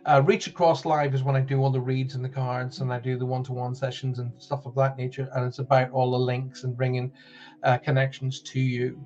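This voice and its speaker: Northern Irish male host, chatty and rambling, medium pitch, muffled stream audio. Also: completely flat delivery, brisk, darkish tone. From Northern Ireland. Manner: chatty, rambling, many fillers and restarts. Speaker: spiritual show host. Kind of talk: live-streamed chat show.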